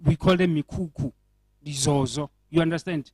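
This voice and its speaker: A man's voice: fairly high pitch, normal speed, a little mellow, no echo, rough recording. Earnest South African man, dry sound. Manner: earnest, repetitive restarts, rhetorical questions. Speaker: panel speaker. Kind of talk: panel discussion remarks. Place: indoor event.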